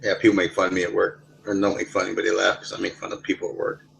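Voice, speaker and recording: A man's voice: deep voice, monotone, rapid-fire, gravelly, a bit bright, rough recording. A man in a casual online voice chat, telling rambling stories with plenty of swearing. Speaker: voice chat participant.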